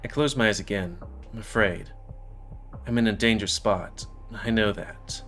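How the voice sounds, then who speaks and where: A man's voice: lowish voice, moderate pace, fairly bright tone, faint music behind. A man reading a visual novel aloud in the first person, with offhand asides to viewers. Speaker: let's player.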